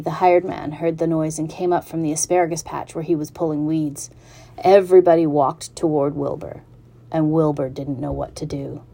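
A woman reading a children's storybook aloud in an even, unhurried narrating manner. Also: deep voice.

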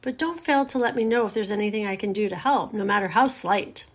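A woman's voice: medium pitch, brisk, husky, lightly acted. A woman voicing a young, timid male pig who speaks eagerly and anxiously. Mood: eager, worried. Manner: eager, worried and pleading.

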